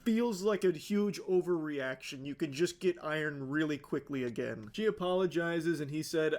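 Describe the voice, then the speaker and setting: High-voiced sarcastic young male streamer. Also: normal speed, hardly any pauses, darkish tone. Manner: sarcastic, swearing. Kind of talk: reading a post aloud and reacting.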